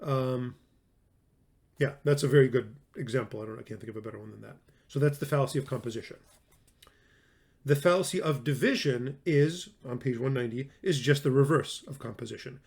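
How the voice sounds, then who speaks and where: A man's voice: mid-range voice, fairly quick, creaky, darkish tone, breathy edge. A man giving a recorded classroom lecture on logic, talking in a conversational way, stressing words for emphasis and often restarting his sentences.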